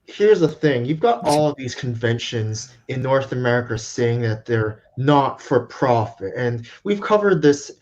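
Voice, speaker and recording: A man co-hosting a casual chat, explaining his view in a measured way. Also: medium pitch, expressive, darkish tone. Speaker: co-host. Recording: dull lo-fi mic.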